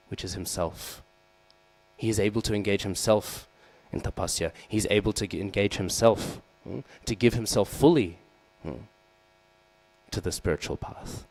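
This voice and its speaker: A man's voice: deep voice, darkish tone, poor audio. A man giving a sermon as he tells a devotional story, acting out the figures and asking the listeners questions, often adding "right?" and "hmm?". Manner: storytelling, acts out the quoted figures. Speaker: speaker giving a scripture class.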